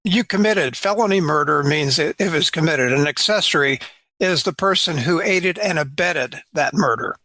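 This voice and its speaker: A man's voice: on the high side, moderate pace, sharp tone, dry recording. A middle-aged man, a lawyer guest on a podcast, explaining points of law in a chatty way with many "you know" fillers. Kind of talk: casual podcast chat.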